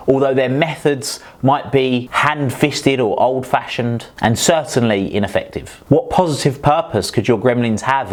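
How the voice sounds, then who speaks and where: A man talks a viewer through a self-help exercise as a performance coach, one step at a time. He keeps putting questions to the listener, in a voice of ordinary middle pitch for a man. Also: darkish tone. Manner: asks many rhetorical questions, guides the listener step by step. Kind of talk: instructional talk to camera.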